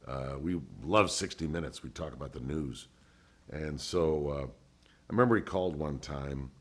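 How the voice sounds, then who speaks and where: A man's voice: rumbling low, moderate pace. An older man, a former radio DJ, telling stories in an oral history interview and acting out the voices of people he quotes. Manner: animated storyteller who acts out others' voices.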